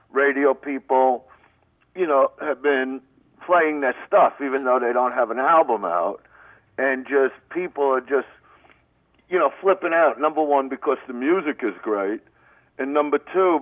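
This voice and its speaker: Middle-aged brooklyn guy rambling loud and crude over a tinny phone line, dry. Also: medium pitch, normal speed, no echo. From Brooklyn, New York. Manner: brash, rambling, profane. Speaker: guest comedian. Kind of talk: phone-in radio interview.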